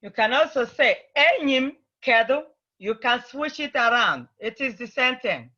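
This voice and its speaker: A woman teaches over a video call, spelling out each phrase slowly and repeating it so the learners can follow. Her voice is bright and clear-edged, and the call audio is a little dull. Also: fairly high pitch, expressive. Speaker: Igbo language teacher. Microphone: computer mic on a video call.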